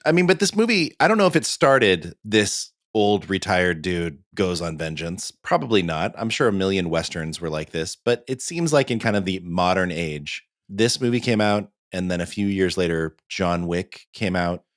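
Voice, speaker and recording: Here the same kind of middle-aged podcast co-host speaks low-pitched at normal speed, with few pauses, animatedly recounting stories and voicing the quotes himself. The casual chat is captured in clean studio sound, free of room sound.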